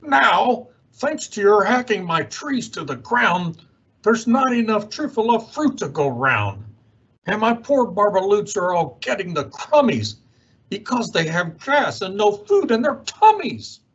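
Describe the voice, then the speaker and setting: Expressive man reading a rhyming storybook. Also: high-pitched, measured pace, husky, highs cut off. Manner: expressive rhyming read-aloud, swooping delivery. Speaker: youth organization director.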